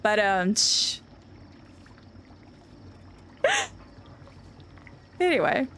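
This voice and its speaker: A woman game streamer chatting casually on a live stream, gushing and excitable, rambling with lots of restarts. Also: medium pitch, drawn-out words.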